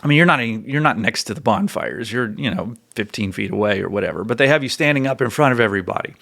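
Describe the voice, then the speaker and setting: A man in his forties telling stories on a podcast in a casual way. His pitch sits in an ordinary middle range for a man. He gets animated and emphatic, and his voice rises into loud bursts when he makes a point. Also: fast talker, vocal fry. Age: 40s. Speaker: podcast host.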